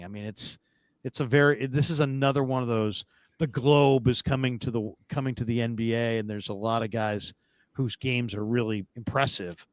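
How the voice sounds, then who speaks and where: A man co-hosts a live postgame basketball show and speaks bluntly, with a sarcastic edge. His voice sits at a middle pitch. It sounds dry and close to the mic. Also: no room sound. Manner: blunt, sarcastic, reads viewer comments. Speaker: co-host.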